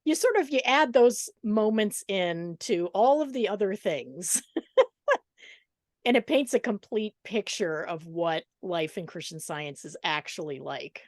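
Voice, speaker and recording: A woman hosting a podcast interview, sympathetic and quick to laugh. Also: mid-range voice, lively intonation, darkish tone, no echo, studio quality. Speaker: podcast host. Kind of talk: interview conversation.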